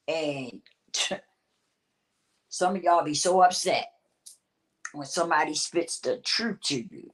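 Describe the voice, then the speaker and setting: A woman's voice: deep voice, slow pace, long pauses. A woman vlogger in a blunt, repetitive talking-to-camera rant who swears casually and laughs often.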